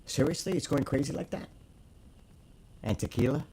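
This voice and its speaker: A man in casual live-stream chat, blunt and excitable, swearing freely as he talks to the host and viewers. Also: fairly high pitch, moderate pace, a little hiss or hum, low-quality recording.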